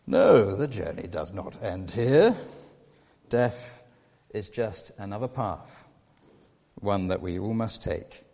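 Gandalf, a man quoting a calm old wizard. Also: fairly low pitch, slow pace, creaky, heavily acted. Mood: consoling. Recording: long reverb of a large hall.

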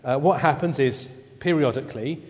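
A man preaching a sermon in a church, conversational and halting, with many fillers as he goes. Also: mid-range voice, a little mellow, in a large hall.

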